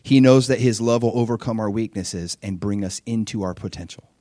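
A man preaching a sermon in an animated way, acting out dialogue with sudden high-pitched exclamations. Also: brisk, dry recording, studio quality.

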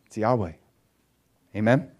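A man preaching a sermon in an animated way, acting out quoted voices as he retells stories. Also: on the low side, a little slow. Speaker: pastor.

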